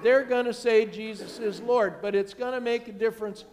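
A pastor delivers his sermon in a high, bright-toned man's voice, leaning on repeated phrases that swell in force. His words ring out with a long reverb trailing through the church sanctuary. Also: fairly even intonation, moderate pace, slight background noise. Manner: emphatic, builds to rising repeated phrases.

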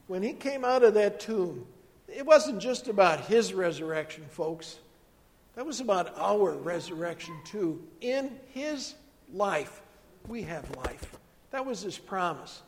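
Male pastor, high voice, storytelling sermon delivery, reverberant sanctuary. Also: expressive, measured pace. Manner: storytelling, drops to soft hushed tones for emphasis.

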